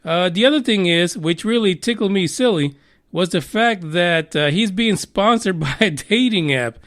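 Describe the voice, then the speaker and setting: A man's voice: sits high, animated, moderate pace, fairly bright tone. A man hosting a podcast news show, giving crude, mocking commentary, swearing freely and laughing as he reads a story. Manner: profane, mocking, laughs while reading.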